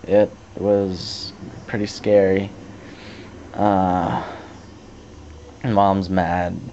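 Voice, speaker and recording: A teenage boy casually telling a story to his camera, rambling with restarts and growing animated as he retells it. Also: deep voice, very slow, a little hiss or hum. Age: teens. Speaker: vlogger. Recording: dull lo-fi camcorder tape audio.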